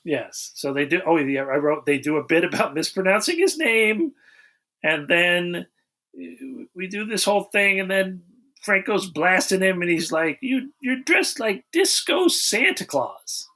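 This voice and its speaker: A man's voice: high-pitched, normal speed, sharp tone. A man co-hosting a podcast, recapping a movie plot in a dry, dismissive way. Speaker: podcast co-host. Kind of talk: casual chat.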